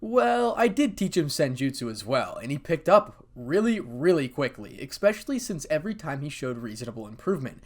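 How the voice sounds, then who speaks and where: A man's voice: fairly high pitch, big pitch swings, brisk, few pauses. Man doing a teasing cat-girl devil. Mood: playful.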